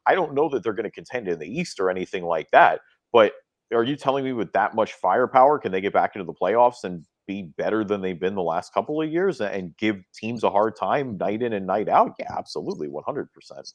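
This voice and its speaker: A young man with a low voice co-hosts a laid-back sports podcast. He tells stories with animated swings in pitch, acting out what other people said. The sound is close and dry, with no room behind it. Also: brisk, no room sound. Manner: animated storyteller, acts out quoted dialogue with big pitch jumps. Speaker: podcast co-host. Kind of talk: casual sports podcast chat.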